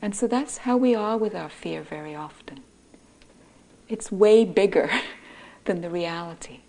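A middle-aged woman giving a gentle dharma talk as a meditation teacher, often speaking softly and breathily. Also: mid-range voice, unhurried, rough recording. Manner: gentle, soft-spoken, often breathy and near-whispered. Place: meditation hall.

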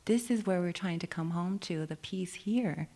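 A woman meditation teacher giving a dharma talk on retreat, gentle and reflective, often asking questions and laughing easily. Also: on the low side, normal speed.

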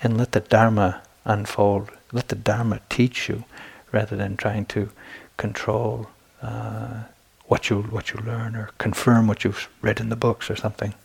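A man gives an evening dharma talk at a retreat and tells his own story in a frank, self-deprecating way. His voice sits low and has a gravelly, slightly husky texture. He talks casually and often restarts his sentences. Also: flat delivery, a little slow, few pauses. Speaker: meditation teacher. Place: retreat center meditation hall.

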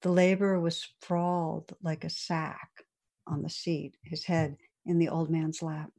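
Low, mellow-voiced woman giving a dharma talk. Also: flat delivery. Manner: gentle, unhurried, with soft pauses and fillers. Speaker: meditation teacher.

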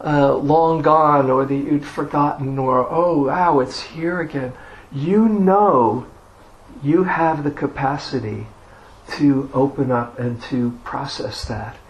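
Slow-speaking man giving a dharma talk. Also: medium pitch, dull audio. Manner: unhurried personal storytelling. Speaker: meditation teacher.

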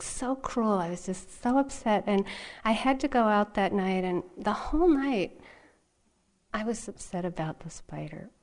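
A middle-aged woman meditation teacher giving a dharma talk, telling a personal story in a soft, unhurried way and laughing often. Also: on the high side.

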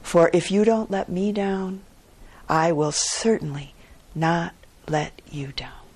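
A patient, hardworking ox from a spoken fable, as a woman storyteller puts him on. His voice is soft, breathy and low-pitched, and he talks slowly and gently. He sounds reproachful but bears no grudge. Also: fairly even intonation. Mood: earnest.

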